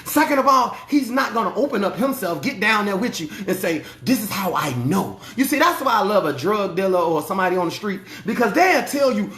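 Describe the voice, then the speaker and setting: Delivering a motivational sermon, a preacher and life coach hammers points home with repeated refrains in an emphatic, colloquial style. The mid-range voice is very animated, brisk and fairly bright, with hardly any pauses. The recording has a roomy echo.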